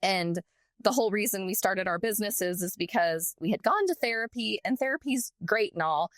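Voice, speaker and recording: A woman co-hosting a podcast, chatting casually and telling a story in an animated way with lots of filler words. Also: mid-range voice, normal speed, no room sound, clean studio sound. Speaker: podcast co-host. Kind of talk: casual chat.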